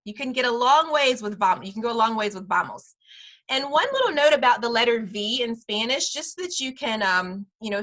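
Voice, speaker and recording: A woman who runs a preschool, teaching parents over a video call, slowly modeling sounds and repeating each word. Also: fairly high pitch, sharp tone. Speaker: preschool director teaching a parent Spanish class. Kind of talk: online class instruction.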